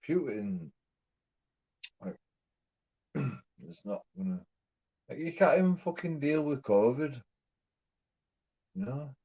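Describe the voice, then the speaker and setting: Warm in tone with a breathy edge, the medium-pitched voice belongs to a streamer from England. His monologue is a rambling, repetitive rant packed with swearing. The recording is dull and lo-fi.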